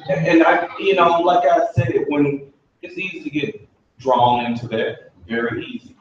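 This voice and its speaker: A man's voice: a little high, unhurried, a little hiss or hum. A man leading a staff training session, explaining in a conversational, anecdotal way. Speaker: workshop trainer. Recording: echoey room from a far mic, dull sound.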